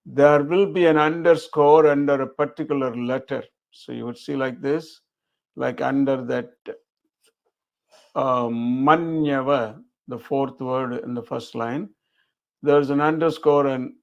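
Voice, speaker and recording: A man's voice: a little high, gravelly. A man, teaching a recorded chanting lesson and explaining each step patiently. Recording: dull lo-fi recording.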